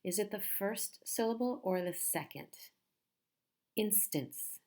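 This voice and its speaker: A woman teaching a pronunciation lesson, speaking slowly and patiently and repeating each word carefully. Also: medium pitch, dark tone.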